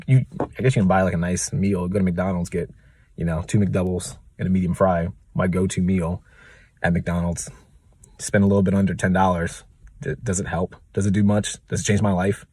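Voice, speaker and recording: A man's voice: deep voice, fairly even intonation, normal speed, warm tone, breathy edge, no echo, studio quality. A young man from the United States ranting casually in a vlog, rambling with lots of fillers. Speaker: real estate advisor vlogger.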